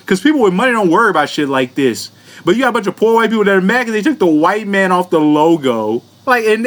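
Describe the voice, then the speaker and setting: A man's voice: high voice, a bit bright. A man giving a comedic commentary rant to his viewers, profane and mocking, laughing often and talking down to them. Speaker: vlogger.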